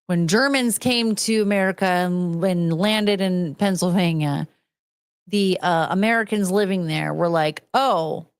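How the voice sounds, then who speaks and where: Slow-talking woman ranting on a podcast. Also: fairly low pitch, clean tone, dry recording. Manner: profane, ranting, swears freely; rambling, loses her train of thought. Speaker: podcast host. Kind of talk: casual chat.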